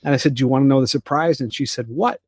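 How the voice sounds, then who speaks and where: A middle-aged man co-hosts a parenting podcast and tells stories in a loose, rambling way, restarting his sentences often. His voice sits at a middling pitch. The sound is dry and close, with no room around it. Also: quick pace, slightly rough, no room sound. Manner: rambling storyteller with many restarts and fillers. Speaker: podcast co-host. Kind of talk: casual chat.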